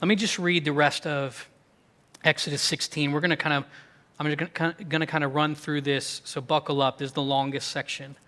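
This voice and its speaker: Bright, high-voiced male pastor preaching. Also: flat delivery, long reverb tail. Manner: emphatic, conversational preaching with quick asides. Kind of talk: sermon. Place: church sanctuary.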